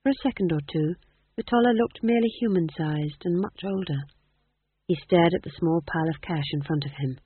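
A man narrating a novel in a dry, even storytelling manner. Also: on the high side, brisk, slightly rough. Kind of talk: audiobook narration. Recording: tinny phone-like dry recording.

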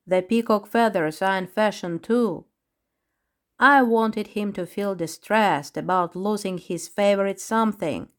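A woman voicing a spiteful male clown ostrich villain in a storybook, talking slowly and with menace. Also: mid-range voice. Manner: slow, menacing, smirking. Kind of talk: storybook reading.

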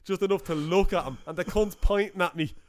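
A young Dublin man with an Irish accent, co-hosting a podcast and telling a profane, animated anecdote in casual chat. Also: sits high, brisk, no echo. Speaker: podcast co-host.

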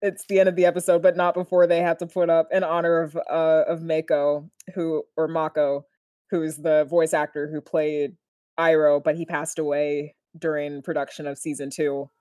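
A young woman recapping a TV episode in casual chat, laughing often and gushing with animated delight. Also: sits low, normal speed, no room sound, clean studio sound.

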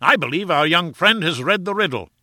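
Guy reading as a booming old professor, big forceful proclaiming voice, pitched up and crisp. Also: animated, brisk, no echo, clean studio sound, heavily acted. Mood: confident. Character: stately elderly male professor, forceful and commanding.

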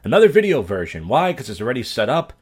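A podcast host from Philadelphia talks in a blunt, profane rant, swearing freely as he tells his stories. His voice sits at an ordinary middle pitch for a man, and his talk is crude and direct. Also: big pitch swings, quick pace, darkish tone, husky. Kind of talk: crude ranting commentary.

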